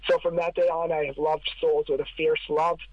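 A man tells his story as a podcast guest, earnest and emphatic, counting off his points one by one. His voice sits a little high for a man. The sound is close and dry. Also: level tone, a little fast, dry recording, highs cut off. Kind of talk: casual storytelling.

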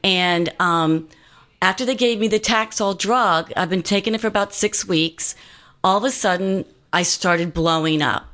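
A woman's voice: medium pitch, measured pace, a bit bright. A woman guest giving an earnest personal testimony in casual talk, with many fillers and restarts.

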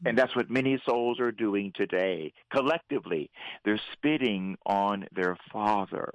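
A priest hosting a Catholic radio show, preaching fervently and leading prayer. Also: male voice, on the low side, measured pace, dry recording, rough recording. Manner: fervent, preacherly, animated when voicing God. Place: radio studio.

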